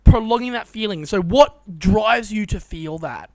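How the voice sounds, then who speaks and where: Excitable, deliriously tired man on a podcast call. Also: high-pitched, measured pace. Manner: excitable, enthusiastic, rambling. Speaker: podcast co-host. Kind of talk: casual podcast chat. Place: room at his parents' house.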